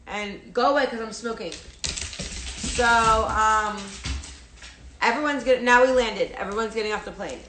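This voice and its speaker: A woman's voice: on the high side, measured pace, pauses often, fairly bright tone, reverberant, a little hiss or hum. A young woman telling a personal story on a phone live stream, rambling with many fillers and restarts, casually swearing. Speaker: livestreamer.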